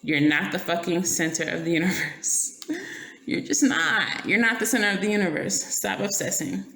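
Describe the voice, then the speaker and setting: A woman's voice: fairly low pitch, animated, moderate pace, bright, forceful tone. A woman giving a casual tarot reading, blunt and profane, laughing often and checking in with "okay?". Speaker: tarot reader. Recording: roomy echo, faint noise.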